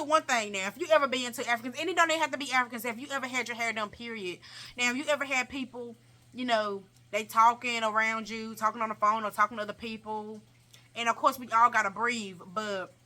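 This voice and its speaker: A young woman vlogger telling a casual, animated story in slangy talk, repeating herself for emphasis. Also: medium pitch.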